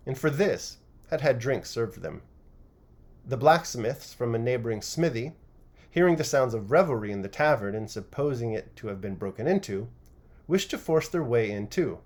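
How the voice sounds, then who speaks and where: A man with a mid-range voice reads a classic novel aloud chapter by chapter as an audiobook narrator, giving it an expressive, varied reading.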